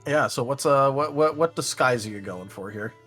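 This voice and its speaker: A man narrating as game master in a tabletop game, in a relaxed, unhurried way. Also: medium pitch, husky, soft background music.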